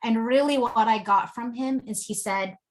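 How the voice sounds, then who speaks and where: A woman relationship coach, a podcast interview guest, telling stories in an animated way with many fillers. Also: a little high, moderate pace. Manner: animated storytelling with lots of fillers.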